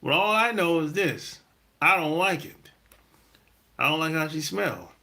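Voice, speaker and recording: A man's voice: fairly high pitch, lively intonation, unhurried, pushed and bright. A middle-aged man hosting a podcast, talking in a casual, rambling monologue full of slang and laughs. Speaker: podcast host.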